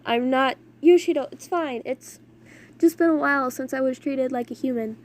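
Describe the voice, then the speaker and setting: A kind, gentle lady who speaks softly and warmly to a guest, as a woman reads her. Her voice is fairly high and quiet, never pushing. It comes from a fan audio drama reading. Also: moderate pace, a little hiss or hum, close to an everyday voice. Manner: soft, gentle.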